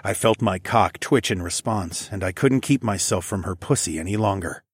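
A man reading a first-person story in a low, slightly husky voice, calm and measured. The recording is close and dry, with no room sound. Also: dry recording. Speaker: narrator.

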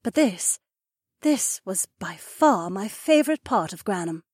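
A man voicing a breathy she-wolf duchess. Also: sits high, very animated, measured pace, dry recording, clean studio sound, pitched above the performer's own voice, full character voice. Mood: reminiscing. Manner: gentle and reminiscing. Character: poised young she-wolf duchess, fond and gracious. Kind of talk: audiobook character voice.

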